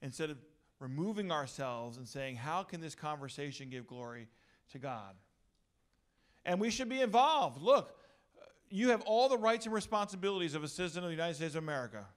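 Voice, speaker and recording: A middle-aged male pastor giving an energetic, joking talk to a youth gathering. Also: fairly high pitch, fairly quick.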